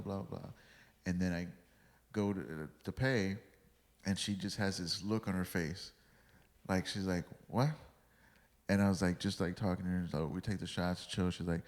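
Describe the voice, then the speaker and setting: A man's voice: sits low, fairly even intonation, moderate pace, big-room sound. A man guesting on a podcast, telling rambling stories full of swearing and acted-out quotes. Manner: rambling, swears freely, acts out quoted dialogue. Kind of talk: casual storytelling chat.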